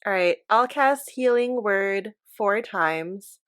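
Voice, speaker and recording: A woman playing a tabletop game, excitable and laughing often. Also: medium pitch, slow pace, clear, resonant tone, dry recording, clean studio sound. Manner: animated, laughs a lot, excitable. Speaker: player. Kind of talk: casual tabletop play.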